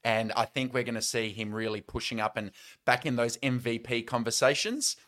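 A man's voice: medium pitch, normal speed, a bit bright. An Australian man hosting a sports podcast, casual, confident and joking. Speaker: podcast host.

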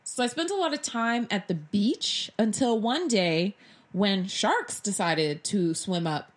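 A young woman tells a personal story straight to camera in a relaxed, chatty way. She is animated and dramatic, jumping into the voices of the people in her story. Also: medium pitch, slow pace. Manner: animated, dramatic retelling with acted-out quotes. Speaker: vlogger. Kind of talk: casual storytime monologue.

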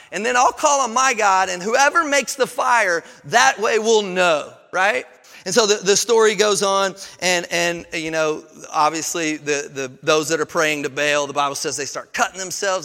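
A man preaching a sermon as pastor, emphatic and animated, firing off rhetorical questions and stumbling over repeated words. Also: high voice, big-room sound. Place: church sanctuary.

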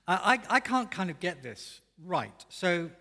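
Guy preaching a sermon, kinda high voice, really animated, big echoey church hall. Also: a little slow, gravelly. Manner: expressive, emphatic preaching with rising and falling intensity. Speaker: pastor.

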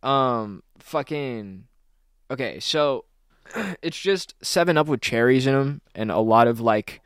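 A man's voice: medium pitch, animated, takes it slowly, smooth, no echo, clean studio sound. A young adult man telling a rambling, profane story in casual podcast chat, full of fillers and restarts. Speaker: podcast co-host.

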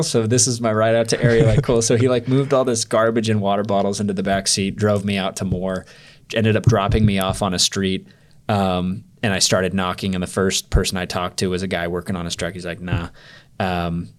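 A man as a podcast guest, telling a candid story in a rambling way full of fillers. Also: deep voice. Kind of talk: storytelling in a casual interview.

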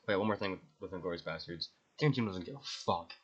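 A man's voice: sits low, racing, slightly rough, lo-fi sound. A young man hosting a podcast, rambling enthusiastically through his favorite movies and swearing freely. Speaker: podcast host. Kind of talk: casual movie ranking monologue.

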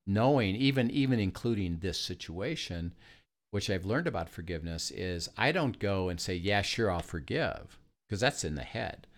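Deep-voiced man telling a faith story. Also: lively intonation, normal speed. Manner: storytelling, acts out dialogue. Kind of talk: casual faith talk.

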